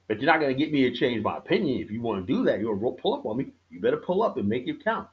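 A man's voice: mid-range voice, big pitch swings, quick pace, lo-fi sound. A man talking straight to his audience in a casual, profane rant, blunt and defiant. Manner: blunt, defiant, swears freely.

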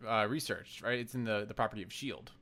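Opinionated man with quick quips. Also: on the low side, sharp tone. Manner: opinionated, quips, hesitant fillers. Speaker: podcast co-host. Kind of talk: casual chat.

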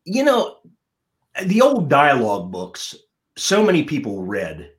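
Animated middle-aged male comedian. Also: a little slow. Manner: animated storyteller, lively pitch swings. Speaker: guest comedian and ventriloquist. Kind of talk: casual interview chat.

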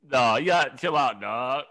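A man's voice: medium pitch, wildly swooping pitch, slow pace, sharp tone, dry recording, clean studio sound. A young man co-hosting a casual podcast, telling a story with loose slang. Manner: laid-back slangy storyteller, says "dog" constantly. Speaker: podcast co-host.

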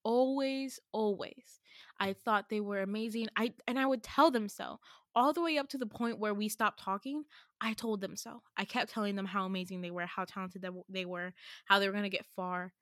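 A woman's voice: mid-range voice, steady tone, normal speed, fairly bright tone, dry recording, clean studio sound. Chatty young woman telling a story. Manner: chatty, heavy use of "like", emphatic and indignant. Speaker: podcast host. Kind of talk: casual storytelling.

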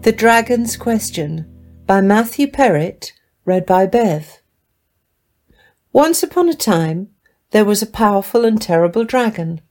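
A woman reading a children's fantasy story aloud in a gentle, clear storybook narration. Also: medium pitch, lively intonation, measured pace, soft background music. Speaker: story reader.

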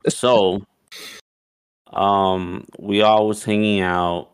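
A man casually telling a long personal story, animated and profane, acting out what people said. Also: fairly low pitch, unhurried. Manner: animated, profane, acts out quotes with laughs.

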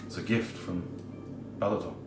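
A man's voice: sits low, moderate pace, over music. A man running a tabletop game as game master, describing scenes unhurriedly with many fillers. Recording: roomy echo, distant mic.

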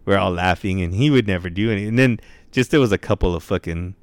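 A man's voice: sits low, quick pace, dry recording. A young man telling stories in casual chat, with laid-back slang, heavy swearing and constant "bro" and "dude".

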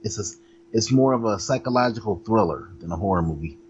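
Man, casual movie chat, measured, hedging, muffled mic, faint hum. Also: lowish voice, animated. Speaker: podcast co-host.

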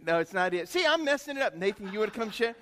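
A middle-aged male pastor preaches with a fairly high voice that swings up and down with energy. He talks in a folksy, chatty way, tossing asides to the congregation. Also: sing-song, fast, sharp tone, in a large hall. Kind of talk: sermon.

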